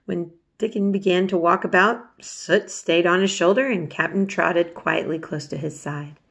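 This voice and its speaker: A woman reading a children's novel aloud, unhurried and steady, with small slips. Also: fairly low pitch, creaky, breathy edge. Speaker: storybook reader.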